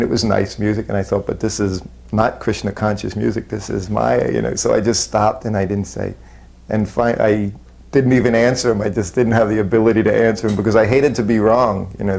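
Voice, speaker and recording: A man unhurriedly recalling his years as a disciple, self-deprecating and chuckling softly. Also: lowish voice, creaky. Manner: unhurried, self-deprecating storytelling with soft laughs. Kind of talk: spoken reminiscence.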